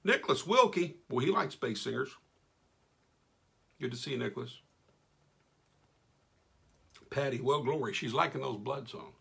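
Gravelly man hosting a live stream. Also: medium pitch, expressive, normal speed. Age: middle-aged. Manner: folksy, enthusiastic, shout-outs to viewers. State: losing his voice. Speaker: radio host reading live comments. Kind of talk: casual live-stream chat.

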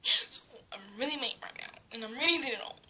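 Speaking briskly in a high, sharp voice, a teenage vlogger rambles through a casual rant full of fillers, breaking into giggles and whispers. The echoey room recording carries a little hiss or hum.

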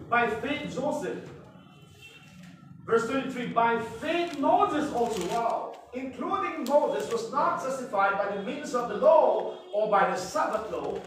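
A man teaching a Bible class as a pastor, speaking emphatically, reading verses slowly and dropping frequent amens and hallelujahs. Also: extremely high pitch, expressive. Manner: emphatic, peppers speech with amen and hallelujah; reads scripture verses slowly and deliberately. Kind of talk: preachy Bible class lecture. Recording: echoey room from far off, faint noise.

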